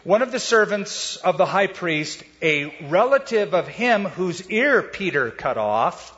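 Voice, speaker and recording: A man's voice: sits high, very animated, measured pace, a bit bright. A man preaching a Bible sermon in a conversational way, with casual asides and rhetorical questions. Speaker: pastor. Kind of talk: expository sermon. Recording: dull sound with long hall reverb.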